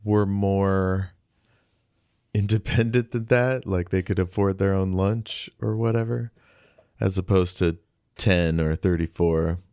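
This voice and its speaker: A man co-hosts a podcast about a film, speaking slowly with a low-pitched voice. He jokes in a dry, offhand way. The recording is close and dry, with no room sound. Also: darkish tone, smooth, dry recording. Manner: slow, dry and joking. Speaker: podcast co-host. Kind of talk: casual film discussion.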